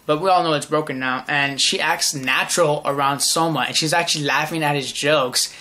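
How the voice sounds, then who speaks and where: A young male reviewer talks through a comic chapter in a loose, excitable way. His voice sits a little higher than most men's, and he trips over words and restarts often as his enthusiasm runs ahead of him. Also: brisk. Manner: rambling and enthusiastic, with many restarts. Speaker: manga reviewer. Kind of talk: casual video review.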